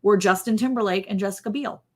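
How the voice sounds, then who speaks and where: A woman's voice: medium pitch, fast, darkish tone. A woman hosting a casual livestream, quizzing her co-host and reading viewer comments aloud. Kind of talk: casual chat, running a guessing game.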